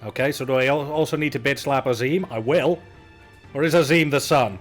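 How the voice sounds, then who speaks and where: Man, game stream commentary, sarcastic, loud, profane, soft music behind. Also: fairly high pitch, a little fast. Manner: sarcastic, profane, loudly exasperated. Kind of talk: game let's play commentary.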